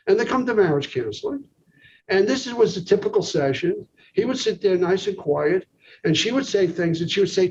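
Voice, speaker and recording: A man's voice: high-pitched, expressive, a little fast. A man, a psychologist being interviewed, telling a long anecdote and checking in often with "okay". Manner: storytelling, peppered with "okay". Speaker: psychologist guest. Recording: dull lo-fi recording with faint noise.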